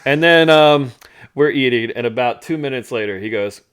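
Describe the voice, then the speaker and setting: A man's voice: medium pitch, moderate pace, a bit bright, smooth. An American man telling a travel story to his co-host in casual chat, laughing often and acting out his dad's complaints. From United States.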